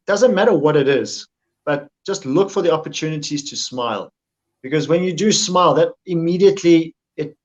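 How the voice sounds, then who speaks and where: A man talks earnestly, circling back over his points as he gives advice. His voice sits somewhat high for a man. The sound is muffled and lo-fi. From South Africa. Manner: earnest, repeats himself while explaining. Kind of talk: casual advice chat. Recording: dull lo-fi sound.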